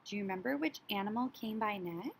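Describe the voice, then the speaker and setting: A woman teaching a story sequencing lesson to young children, speaking in an animated, child-directed way and now and then imitating animal sounds. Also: mid-range voice, fast, gravelly, slight background noise.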